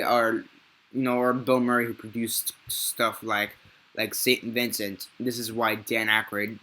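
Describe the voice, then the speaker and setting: Bright-voiced man rambling through a film review. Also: mid-range voice. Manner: rambling and profane, with frequent self-corrections. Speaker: movie reviewer. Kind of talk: casual unscripted film review.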